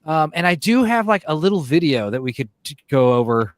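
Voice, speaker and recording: A young man with a high voice hosts a casual, rambling chat among friends. He is crude and loose, dropping into quoted voices now and then. His voice sounds close and dry. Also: big pitch swings, brisk, dry recording. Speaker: host.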